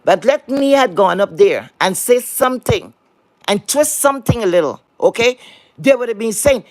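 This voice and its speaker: Speaking at a moderate pace in a medium-pitched, animated voice, this streamer vents directly at viewers in a blunt, profane tirade. Words get repeated over and over for emphasis, and rhetorical questions are aimed squarely at the audience. There's no room around the sound, which is dry and close.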